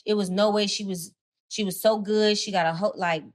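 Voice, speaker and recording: A young woman, a radio personality appearing as a guest, tells her story casually and animatedly, full of slang and swearing. Her voice is medium in pitch and her pace moderate.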